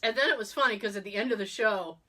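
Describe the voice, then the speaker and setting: A woman hosting a podcast, telling a story in casual chat, animated and laughing often as she acts out quotes. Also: mid-range voice, fast. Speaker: podcast host.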